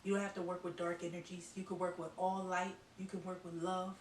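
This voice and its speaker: A woman's voice: lowish voice, level tone, brisk. Psychic reader, female: blunt, emphatic, repetitive. Recorded with a roomy echo off a distant mic and faint hiss. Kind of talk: channeled tarot-style reading to viewers.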